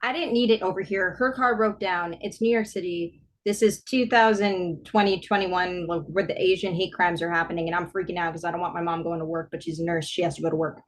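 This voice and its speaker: A woman in her thirties co-hosting a podcast, telling stories in a casual, animated way and acting out the voices she quotes. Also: lowish voice, brisk, hardly any pauses, a little hiss or hum. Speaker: podcast co-host. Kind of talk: casual chat.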